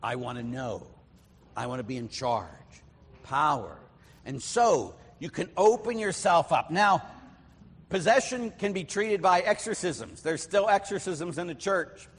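A middle-aged priest from Pittsburgh preaching in a loose, storytelling way, his voice sitting a bit high for a man. He breaks into the voices of the people in his anecdotes. The sound rings with the long reverb of a big church. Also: a little slow, breathy edge. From Pittsburgh, USA. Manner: storytelling, acts out voices, chatty with fillers. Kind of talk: conversational sermon.

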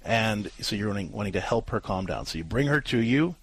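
A man's voice: fairly low pitch, expressive, brisk, husky. A man co-hosting a parenting advice show, explaining at length with frequent restarts and fillers.

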